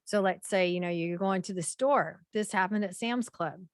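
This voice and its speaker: A woman presenting a slideshow workshop in a conversational way, with frequent fillers and repeated throat clearing. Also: medium pitch, moderate pace, no room sound, studio quality.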